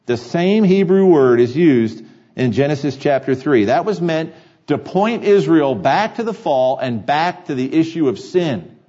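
A man's voice: a little high, animated, measured pace, warm tone, highs cut off. A man preaching a sermon to his congregation, earnest and repeating key phrases for emphasis. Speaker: pastor. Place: church sanctuary.

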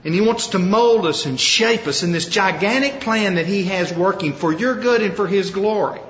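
A man preaching a sermon, retelling a story with lively acted-out quotes. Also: sits high, normal speed. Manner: animated storytelling, acting out quoted lines. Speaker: pastor. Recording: roomy hall, dull lo-fi sound.

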